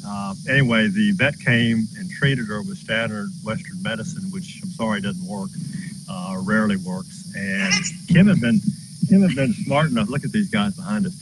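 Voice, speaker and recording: A man's voice: lowish voice, very noisy. A man who runs a horse farm, telling a story in an earnest, folksy way while outdoors. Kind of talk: casual storytelling.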